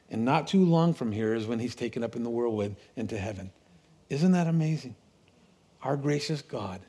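A middle-aged man preaching a sermon, telling stories with laughs and restarts, animated. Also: medium pitch, normal speed. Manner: storytelling, animated, with laughs and repeated words.

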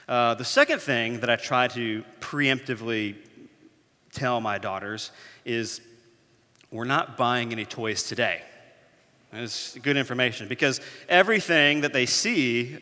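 A man in his thirties, a pastor preaching a sermon, telling stories with animated, self-mocking humor. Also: mid-range voice, moderate pace. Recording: echoey hall.

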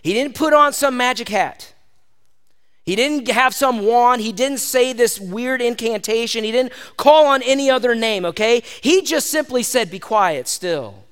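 A man preaching a sermon in an animated, conversational way, often addressing his listeners as "gang". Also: extremely high pitch, moderate pace, clean tone. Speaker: pastor.

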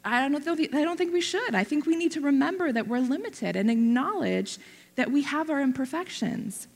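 A woman's voice: high voice, lively intonation, moderate pace, creaky. A woman preaching a sermon, telling a personal story in a candid, self-deprecating way with frequent laughter and restarts. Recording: long hall reverb.

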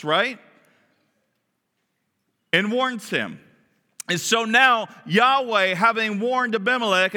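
A man preaching a sermon as pastor, animated and often asking his listeners questions. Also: sits high, big-room sound. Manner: animated, asks the congregation questions.

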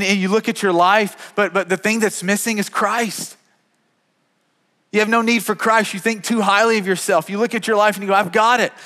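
A man's voice: sits high, a bit bright, big-room sound. A man in his thirties preaching a sermon as a pastor, earnest and often repeating words as he talks.

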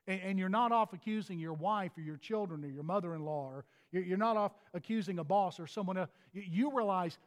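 A man's voice: high-pitched, a little fast, hardly any pauses, long reverb tail. A pastor delivering a sermon in an earnest manner, often restarting his phrases.

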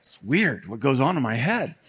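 A man delivering a church sermon, animated and emphatic, repeating key points and slipping into casual, joking asides. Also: mid-range voice, measured pace, husky. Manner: animated preaching with emphatic repetition and rising intensity; conversational asides and self-deprecating humor. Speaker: pastor.

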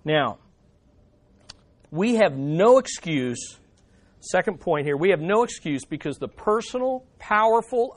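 A man's voice: sits high, expressive, takes it slowly, fairly bright tone. A man preaching a sermon, emphatic, repeating phrases and asking the congregation questions. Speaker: pastor.

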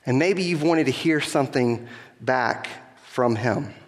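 A man's voice: mid-range voice, measured pace. A middle-aged man preaches to his congregation, earnest and direct, asking questions and leaning hard on key phrases. His voice sits mid-range for a man and carries a long reverb from the large church room around him. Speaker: pastor. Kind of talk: sermon. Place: church sanctuary.

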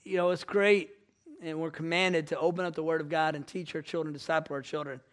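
A man, preaching a sermon and telling stories in an animated, self-mocking way. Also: on the high side, a little fast. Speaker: pastor.

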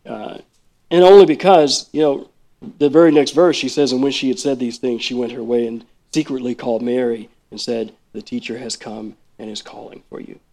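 A man preaching a sermon in a conversational, animated way, full of asides and acted-out quotes. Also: normal speed. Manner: acts out quoted speech with big pitch jumps. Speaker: worship leader preaching.

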